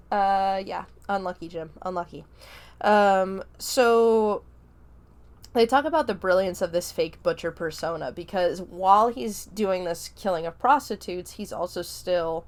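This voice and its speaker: A woman hosting a podcast, giving a casual spoken review of a film, talking chattily with lots of ums and likes. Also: mid-range voice. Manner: chatty, many fillers like um and like.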